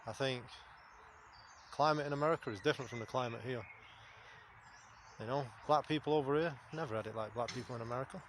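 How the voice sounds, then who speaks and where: An English vlogger with a medium-pitched voice talks fast but with long pauses, delivering a blunt, rambling, sweary monologue to camera. There's slight background noise in this casual spoken piece.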